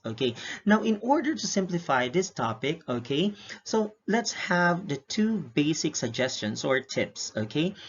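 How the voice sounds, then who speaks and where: A man giving a recorded English lesson, explaining steadily and checking in with frequent "okay?"s. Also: on the high side. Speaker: English teacher. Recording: dull lo-fi recording.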